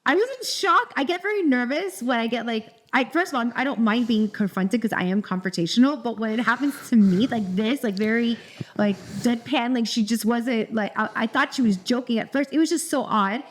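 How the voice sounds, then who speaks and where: Middle-aged woman, podcast co-host, higher pitch, rambling storyteller who restarts her sentences a lot. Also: a little fast, a little hiss or hum. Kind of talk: casual storytelling chat.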